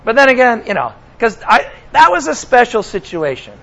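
A man's voice: very high voice, very animated, moderate pace, gravelly, fairly bright tone, low-quality recording. A man preaching a sermon as pastor, talking conversationally to his congregation and slipping in sarcastic asides.

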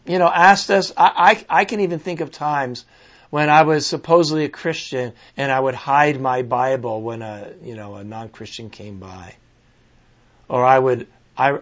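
Earnest man preaching, lo-fi sound. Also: a little high. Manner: earnest, pausing, restarts and fillers while reflecting. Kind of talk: sermon with scripture reading. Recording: dull lo-fi recording.

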